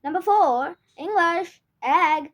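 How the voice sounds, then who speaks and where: A woman hosting a children's vocabulary lesson, reading word lists slowly and evenly and greeting young viewers in a cheerful, sing-song way. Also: very high-pitched, fairly bright tone. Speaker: host of a language channel for children.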